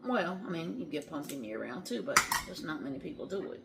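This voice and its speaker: A woman's voice: deep voice, very animated, brisk, gravelly, heavy background noise. A middle-aged woman hosting a home cooking vlog in her kitchen, chatty and folksy, calling her viewers y'all and laughing easily. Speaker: home cooking show host. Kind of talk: casual cooking vlog chat.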